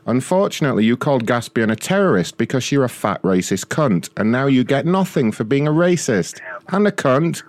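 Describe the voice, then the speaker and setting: A man's voice: medium pitch, very animated, a little fast, hardly any pauses, no room sound. A man hosting a prank call livestream, crude and mocking, laughing at his callers and reading out donations. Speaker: prank call show host.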